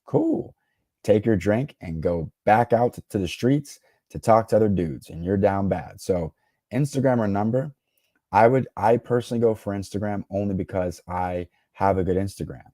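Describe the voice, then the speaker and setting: A man's voice: on the low side, normal speed, mellow, no echo, clean studio sound. A man reacting to a dating clip, giving cocky, slangy dating advice and laughing at his own jokes. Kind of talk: reaction commentary to camera.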